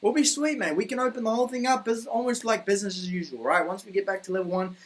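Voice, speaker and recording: A New Zealand man with a notably high voice goes on a heated, swearing rant. He rambles from point to point in a casual vlog monologue recorded in a room at home. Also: fast, slight background noise. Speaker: vlogger. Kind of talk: ranting opinion monologue.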